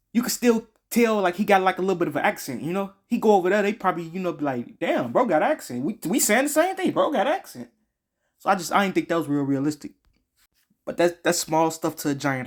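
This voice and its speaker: A man giving a casual game review, slangy and profane, rambling with frequent restarts. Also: fairly high pitch.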